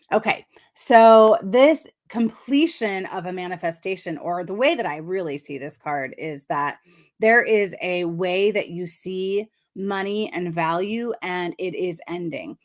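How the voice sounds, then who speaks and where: A woman giving a live card reading as a numerology coach, speaking in a soft, affirming, reflective way and often checking in with the listener. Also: on the low side.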